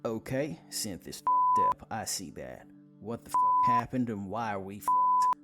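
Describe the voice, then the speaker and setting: A man voicing a laid-back young male vampire cowboy with a strong Southern accent, steady and calming. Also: mid-range voice, measured pace, loud music behind the voice, pitched above the performer's own voice.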